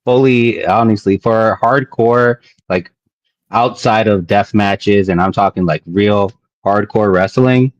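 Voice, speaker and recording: Low-voiced man telling wrestling stories. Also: takes it slowly, no echo. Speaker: guest wrestler. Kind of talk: casual interview chat. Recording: dull low-fi audio.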